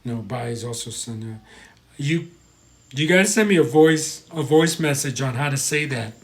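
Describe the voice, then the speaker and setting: A man's voice: mid-range voice, moderate pace. An American man hosting a live stream, chatting casually, reading viewer comments and stumbling over pronunciations.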